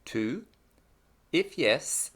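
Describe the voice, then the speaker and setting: Lesson narrator, scripted, explains vowels, pitch swings up and down a lot. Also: expressive, very slow, a bit bright, husky.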